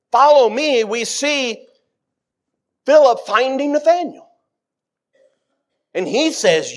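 A middle-aged man delivers a sermon in a voice pitched well above most men's. His delivery leaps up and down, acting out scripture quotes with dramatic swings in pitch and loudness. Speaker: preacher.

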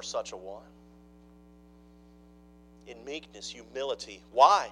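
A man preaching a sermon, dropping to hushed mock-gossip asides and then rising into loud, emphatic preaching. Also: mid-range voice, big pitch swings, normal speed, long pauses, poor audio. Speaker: pastor.

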